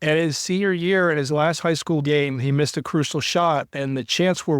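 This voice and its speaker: A man from Cincinnati in the United States is a guest on a candid, conversational interview, where he works as a sports broadcaster. His voice sits fairly high, with a steady tone, normal speed and a smooth quality, captured in a dry recording. He talks earnestly and from the heart, at length, and seems close to tears.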